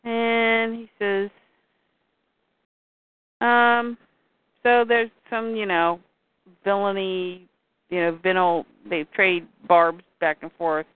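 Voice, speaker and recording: A woman in casual chat, retelling a comic story and acting out the characters' lines in quick voices. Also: medium pitch, level tone, smooth, no room sound. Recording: dry tinny phone-like sound.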